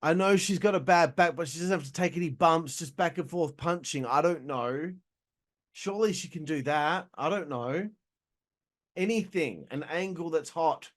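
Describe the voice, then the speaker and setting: A man's voice: fairly high pitch, normal speed. A young man hosting a casual show, giving a blunt, exasperated review and swearing freely. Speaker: host reviewing wrestling shows.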